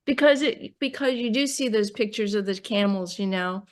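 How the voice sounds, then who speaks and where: A woman poet with a New York accent, talking casually about her book in an interview, often pausing and restarting as she searches for words. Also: medium pitch.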